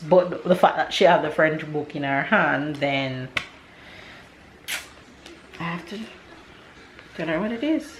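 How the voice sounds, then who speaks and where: Jamaican woman in her thirties, family vlogger; low-pitched, unhurried, chatty and a bit all over the place. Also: lively intonation, a little hiss or hum. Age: 30s. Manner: chatty and scattered, with Jamaican English grammar. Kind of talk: casual vlog chat to camera. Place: at home with her baby.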